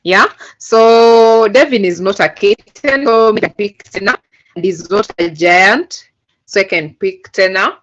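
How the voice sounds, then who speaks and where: A Ugandan woman teaches a coding class over a video call, patiently walking through each step with many fillers. Her voice is mid-range, a little slow, and fairly bright. The online lesson comes through as dull, lo-fi call audio.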